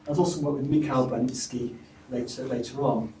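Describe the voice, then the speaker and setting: A man giving an academic seminar talk, halting, with frequent restarts and fillers. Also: mid-range voice, steady tone, mellow. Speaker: lecturer at a symposium. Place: seminar room. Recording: roomy, distant mic, faint hiss.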